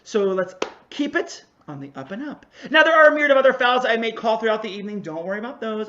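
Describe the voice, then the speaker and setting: An energetic improv comedy referee hosting a virtual show from home over a video call, joking playfully with the audience. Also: mid-range voice, fast, lo-fi sound. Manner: jokey, energetic, playful asides. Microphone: home video call mic.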